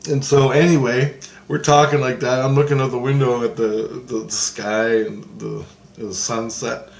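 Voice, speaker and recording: A man's voice: medium pitch, flat delivery, moderate pace, vocal fry, echoey room, rough recording. A man giving a rambling first-person account of a spiritual vision, restarting and repeating his phrases as he goes.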